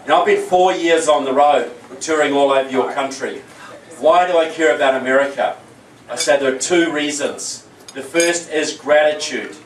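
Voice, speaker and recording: A man's voice: fairly high pitch, moderate pace, recorded from a distance. New Zealand man in an echoey hall. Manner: jokey, storytelling, earnest. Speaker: keynote speaker. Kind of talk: political rally speech.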